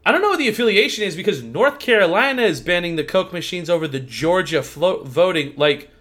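A young man co-hosts a casual podcast, rambling, swearing, and stuffing his speech with "like." His voice sits high and sounds expressive, brisk, and a bit bright.

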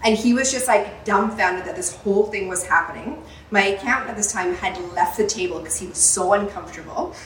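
A woman's voice: mid-range voice, brisk, far from the mic, a little hiss or hum. A woman, a salon owner hosting a podcast, telling a story with lots of swearing and laughter. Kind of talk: casual storytelling chat. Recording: roomy, off-mic with faint ambience.

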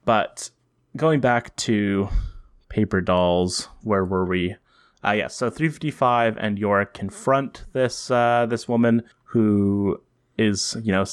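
A man with a low-pitched voice recaps a comic story in casual podcast chat. He thinks aloud, restarts phrases and chuckles now and then. The sound is dry and close. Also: slow, clean tone, no echo. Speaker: podcast co-host. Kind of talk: casual comic book discussion.

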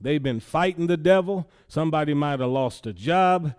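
A male pastor delivers a sermon in a church with a smooth, resonant voice pitched a little high for a man. He preaches in a conversational way, often pausing on a "yeah" between points. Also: expressive, darkish tone.

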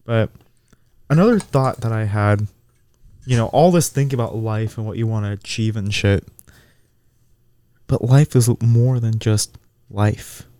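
Podcast co-host, man, dark mellow voice, dry close mic, thoughtful and easygoing. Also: fairly low pitch, measured pace, long pauses, smooth, no room sound. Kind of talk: casual podcast chat.

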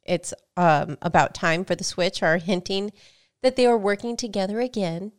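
A woman's voice: mid-range voice, fairly even intonation, moderate pace. A woman co-hosting a gaming podcast, chatting casually and telling stories with quoted back-and-forth. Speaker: podcast co-host. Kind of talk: casual chat.

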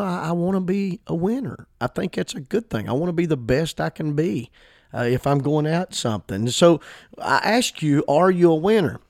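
A man's voice: mid-range voice, gravelly, darkish tone, no echo, studio quality. A man preaching a podcast sermon in an emphatic, fervent way, repeating words for emphasis.

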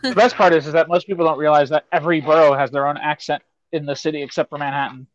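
A man's voice: on the high side, steady tone, fast talker, no room sound. A man in casual chat, blunt and wisecracking, swearing a lot. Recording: dull lo-fi sound.

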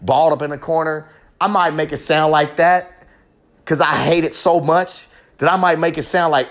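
A young man pours out a raw confessional monologue on his own podcast. His voice sits a little high, and he swears constantly. He rambles and repeats himself as his passion builds. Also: moderate pace, fairly bright tone. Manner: profane, impassioned, rambling. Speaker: podcast host.

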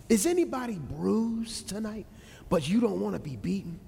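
A man preaching a sermon, telling a story dramatically, with swings between loud peaks and hushed lows, and speaking in a Black American vernacular style. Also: expressive, moderate pace, vocal fry, breathy edge. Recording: long hall reverb.

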